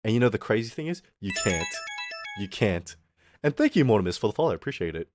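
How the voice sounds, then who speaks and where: A man's voice: lowish voice, sing-song, quick pace, over music. A young man rambling casually on a livestream, swearing and laughing often as he chats. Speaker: streamer.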